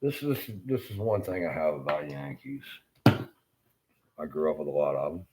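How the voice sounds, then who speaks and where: Very deep-voiced Southern man ranting. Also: very animated, heavy background noise. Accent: Southern American. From Southern United States. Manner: profane, blunt, rambling, with halting fillers. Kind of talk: rambling monologue rant.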